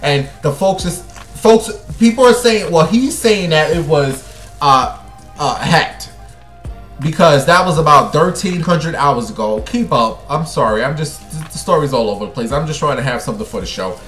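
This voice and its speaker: Man, sassy gossip host, fairly high voice, echoey room, faint music behind. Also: expressive, moderate pace. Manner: sassy, blunt and chatty, with swings between loud and hushed. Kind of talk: casual gossip commentary.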